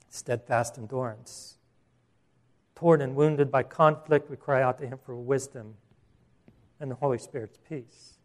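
A man preaching a sermon as pastor, earnest, restarting phrases and slowing down for emphasis. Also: medium pitch.

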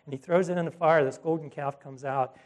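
A man delivering a sermon, pitched a little higher than most men. He speaks in an animated, conversational style, breaking into asides and correcting himself as he retells scripture. He acts out the voices of the people in the stories. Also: brisk. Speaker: pastor.

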